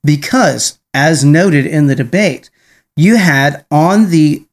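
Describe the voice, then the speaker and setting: Rambling man podcast host, slightly high voice. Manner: rambling, many restarts and tag questions. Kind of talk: casual chat.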